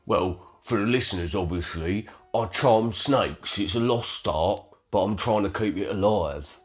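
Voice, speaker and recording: A man's voice: lowish voice, measured pace, faint music behind, close to an everyday voice. A man with a South London accent playing a crude, boastful male snake charmer who swears constantly in an improvised comedy sketch. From London, England. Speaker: guest.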